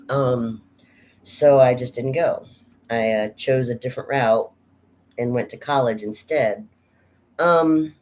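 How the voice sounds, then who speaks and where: A middle-aged American woman chatting casually in a vlog about acting, rambling with many restarts and asides. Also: extremely low pitch. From United States. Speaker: vlogger, actor. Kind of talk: casual chat.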